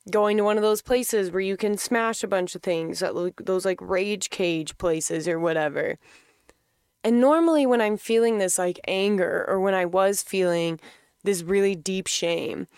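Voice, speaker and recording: Frank young woman, smooth clear voice. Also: fairly low pitch, dry recording, studio quality. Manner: frank, swears freely, laughs often. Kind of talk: candid personal storytelling.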